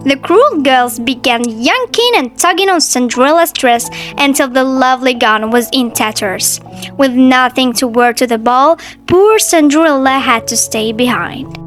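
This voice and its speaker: A woman narrating a fairy tale aloud in an expressive, sing-song read-aloud manner. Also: high voice. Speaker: storyteller. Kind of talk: storybook narration.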